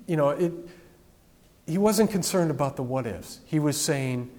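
A male pastor preaching a casual, conversational sermon with lively asides. His voice sits on the higher side for a man. A long hall reverb trails after his words. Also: measured pace. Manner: informal, with animated asides.

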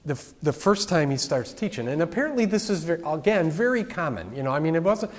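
A man's voice: fairly high pitch, brisk. Male pastor preaching in a reverberant hall. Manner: informal, with animated asides. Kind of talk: conversational sermon. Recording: long reverb from a large hall.

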